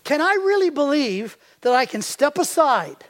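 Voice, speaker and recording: A man's voice: extremely high pitch, big pitch swings, moderate pace, fairly bright tone. An older man preaching a sermon as a pastor. He tells stories and quizzes the congregation with fill-in-the-blank questions.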